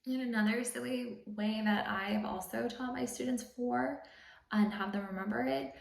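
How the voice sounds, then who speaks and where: A woman teacher calmly explaining how to teach sight words, step by step, in a patient, instructional manner. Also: a little high, moderate pace, vocal fry. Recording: roomy, slightly distant mic.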